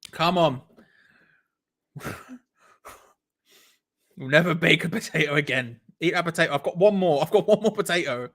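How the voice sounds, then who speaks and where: A young man hosting a live football watch-along stream, excitable, laughing often and repeating himself as he reacts. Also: fairly high pitch, normal speed, long pauses.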